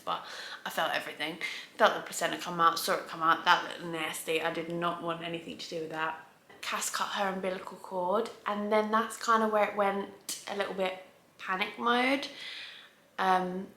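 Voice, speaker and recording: A woman's voice: on the low side, bright, forceful tone, slight background noise. Chatty woman vlogger in a roomy space. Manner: chatty, rambling, with restarts. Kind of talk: casual storytelling to camera. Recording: roomy echo.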